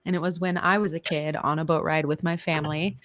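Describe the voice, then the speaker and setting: Co-host, woman from Indiana, slightly low voice, easygoing banter. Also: steady tone, quick pace, a bit bright. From Indiana, USA. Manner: chatty, laughs often. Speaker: podcast co-host. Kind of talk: casual podcast chat.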